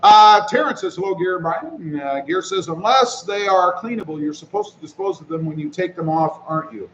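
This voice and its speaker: A man hosting a casual live stream, reading viewer comments aloud and greeting people by name in a relaxed way while he walks around with his phone. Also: sits high, a little fast, reverberant, muffled recording, a little hiss or hum. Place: walking around outdoors.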